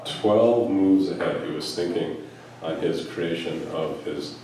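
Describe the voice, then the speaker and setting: A man's voice: low-pitched, slow pace, dark tone, a little hiss or hum. A man giving a spiritual talk to a live gathering, telling a story with musing asides and chuckles. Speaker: Sufi teacher. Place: large hall at a spiritual retreat. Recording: echoey hall recorded from a distance.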